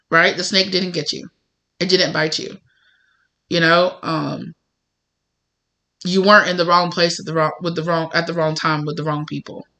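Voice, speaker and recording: A woman with a bright, clear tone talks through a spiritual tarot reading. She rambles in a conversational way, leaning on fillers and slipping into small acted-out exchanges. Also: fairly low pitch. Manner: rambling, conversational, full of "you know" and acted-out mini dialogues. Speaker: tarot reader.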